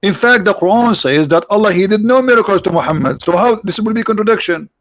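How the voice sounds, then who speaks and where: A man hosts a live stream in a mocking, sarcastic manner and keeps firing off rhetorical questions. His voice sits a little high and sounds tired, and he clears his throat now and then. The recording is dry and close, with no room sound. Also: animated, fast talker, fairly bright tone, no room sound. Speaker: online show host.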